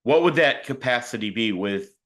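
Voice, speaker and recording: Bright-voiced, hedging male podcast host. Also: medium pitch, lively intonation, moderate pace. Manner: hedging, reflective, playfully argumentative. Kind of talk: casual sports chat.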